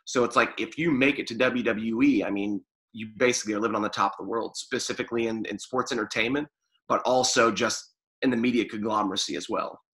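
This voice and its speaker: A man's voice: lowish voice, fairly even intonation, fast, fairly bright tone, poor audio. A man chatting casually in an interview, rambling with fillers and restarts. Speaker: guest, former pro sports media staffer.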